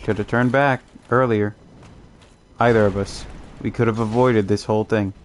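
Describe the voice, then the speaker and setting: A man's voice: on the low side, fairly even intonation, normal speed, a little hiss or hum. A young man from Canada chatting casually while streaming a game, laid-back and rambling, often restarting his sentences and chuckling. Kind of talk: casual gaming commentary.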